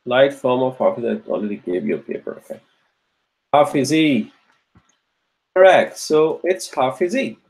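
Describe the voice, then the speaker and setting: A man's voice: mid-range voice, expressive, moderate pace, pauses often, rough recording. A man teaching an online grammar class, patiently repeating his questions and praising students by name as they answer. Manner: patient, encouraging drill questioning. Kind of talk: live online class lecture.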